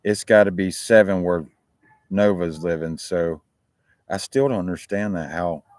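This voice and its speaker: A man's voice: low-pitched, measured pace, a little mellow, no echo. A man with an American accent, hosting a talk show and chatting casually to his viewers in a rambling, profane way. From United States.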